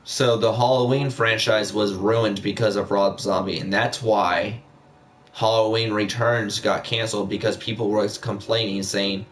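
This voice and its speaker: A man's voice: lowish voice, steady tone, a little slow. A young man chatting casually on a live stream, rambling with many fillers and repeating himself.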